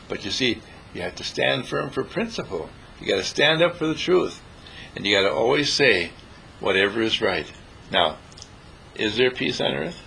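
A man's voice: medium pitch, expressive, normal speed, vocal fry, pushed and bright, husky, poor audio. A man giving an inspirational talk on peace to a small group, playful and preachy, sometimes acting out other people's voices. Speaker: spiritual teacher.

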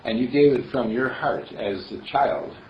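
A man's voice: mid-range voice, expressive, a little slow, a little hiss or hum. A man giving a spiritual sermon in a rambling, chuckling, storytelling manner. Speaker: minister. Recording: distant roomy dull recording.

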